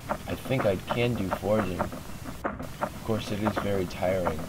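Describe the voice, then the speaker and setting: A man streaming a game, just woken up, talking through his moves in a sleepy, monotone, rambling way. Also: sits low, measured pace, heavy background noise. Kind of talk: casual gameplay commentary.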